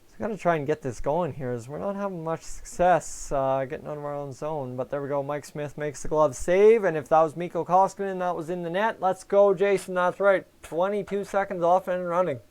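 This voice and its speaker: A man's voice: on the high side, brisk, hardly any pauses, darkish tone, smooth. A young man hosting a live fan stream, chatting casually about the game and answering viewers by name over a headset mic. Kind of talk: casual fan commentary and chat replies.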